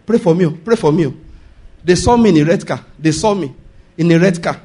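A man's voice: a little high, animated, fairly quick, mellow, husky, pitched below the performer's own voice. A Nigerian-accented man voicing a panicked male churchgoer begging for prayer, fearful and repetitive.

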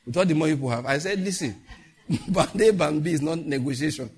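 A Nigerian man preaching a sermon, mixing Pidgin asides with animated warnings and slow, solemn prayer lines. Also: on the high side, slightly rough. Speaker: pastor.

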